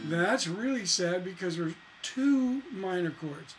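Slow-talking man teaching songwriting over guitar. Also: high-pitched, lively intonation, low-quality recording. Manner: musing, talks through chords while playing guitar. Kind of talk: casual music lesson. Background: acoustic guitar playing.

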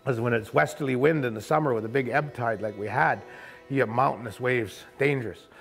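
A man who runs a kayak camp and tour boat, telling a first-person story in a vivid, colloquial way with quick asides. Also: medium pitch, vocal fry, faint music behind.

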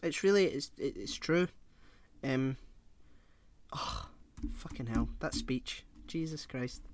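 A man co-hosting a podcast in casual film chat, relaxed and hesitant, often trailing off quietly. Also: medium pitch, takes it slowly, creaky, slight background noise. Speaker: podcast co-host.

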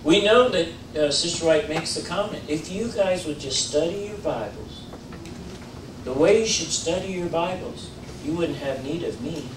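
Man, preacher, fairly high voice, conversational sermon, echoey church, off-mic, faint hum. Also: normal speed. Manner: conversational, animated, with many fillers and restarts. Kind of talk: informal sermon. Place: church sanctuary. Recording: roomy church audio, mic at a distance.

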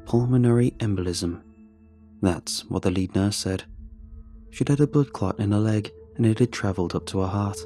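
Somber male horror-story narrator, dark voice. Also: low-pitched.

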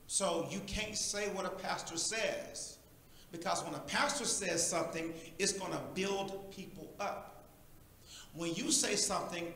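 A man preaches an animated sermon in a church, often calling out to the congregation. His voice is high and bright. The sound bounces around a very echoey room. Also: slight background noise. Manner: animated, preachy call-and-response. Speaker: pastor.

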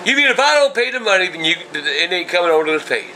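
Loud grandfather, older, high animated voice, blustering and swearing; faint room noise. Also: very fast, rough recording. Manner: yelling, cursing, blustering. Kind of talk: angry phone call.

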